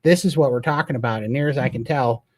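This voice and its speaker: A man's voice: medium pitch, fast talker, a little mellow, no echo. A man from Montana hosting a live Q&A, talking in an earnest and emphatic way. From Montana, USA. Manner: earnest and emphatic, with a storytelling streak. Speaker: host. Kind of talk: live Q&A chat.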